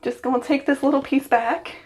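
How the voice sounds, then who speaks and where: A high-pitched woman's voice with a darkish tone and fairly even intonation, going a little fast. She's a young hairstylist in her bathroom at home, chatting nervously and gigglingly to herself on her phone for a casual vlog.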